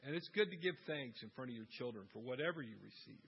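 A man's voice: medium pitch, animated, quick pace, slightly rough. A middle-aged man talking casually about faith and raising children, telling stories and laughing at himself. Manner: warm storytelling, laughs at himself. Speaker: Christian speaker on family life. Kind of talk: casual talk on faith and parenting. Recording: dull lo-fi sound.

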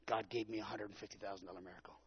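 A man preaching with a very husky, gravelly voice that sits a little high. He tells his story dramatically and plays out his own quotes. The recording is dull and lo-fi. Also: fairly even intonation, racing. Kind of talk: sermon.

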